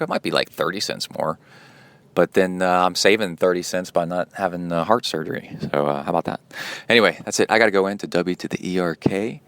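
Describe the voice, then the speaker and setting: Deep-voiced man rambling casually. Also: a bit bright, dry recording. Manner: rambling, chatty storytelling. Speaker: triathlon coach and podcast host. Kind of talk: casual spoken monologue.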